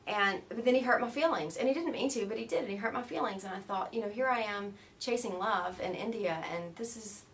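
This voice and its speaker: Animated American woman telling travel stories. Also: medium pitch, a little fast, hardly any pauses, recorded from a distance, slight background noise. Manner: animated storyteller, laughs often, mimics voices in quotes. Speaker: interview guest. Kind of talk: casual storytelling in an interview.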